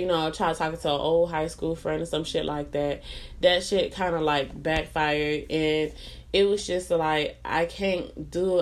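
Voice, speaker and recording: A young adult woman venting bluntly and profanely about a relationship, repeating herself for emphasis. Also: low voice. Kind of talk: candid relationship venting monologue.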